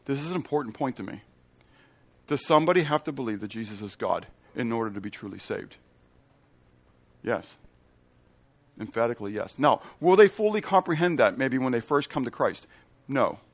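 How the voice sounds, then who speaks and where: A man teaching a Bible study as pastor, emphatic, asking the room questions and answering them himself, stretching out scripture quotes slowly and loudly. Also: mid-range voice, expressive. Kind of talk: sermon with Bible reading.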